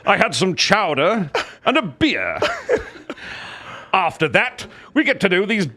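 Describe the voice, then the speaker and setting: A man doing a booming, theatrical impression of a well-known actor with a Boston accent, laughing through it. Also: sing-song, measured pace, pushed and bright, full character voice. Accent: Boston, put on.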